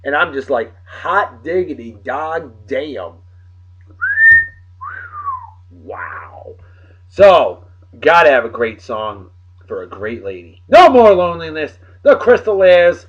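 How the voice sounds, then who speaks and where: A man's voice: a little high, sing-song, a little slow. A man hosting a casual video show, rambling with playful, exclamatory asides in a dull lo-fi home recording. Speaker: host. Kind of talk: casual video blog chat.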